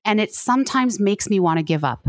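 A woman's voice: medium pitch, expressive, a little fast, dry recording, studio quality. A woman guest on a podcast, speaking earnestly and pleadingly in long flowing runs. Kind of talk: earnest interview conversation.

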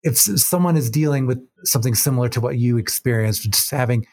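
A man hosts a podcast and poses measured, halting questions, often restarting mid-sentence. His voice sits at an ordinary pitch. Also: darkish tone. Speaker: podcast host. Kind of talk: interview questions.

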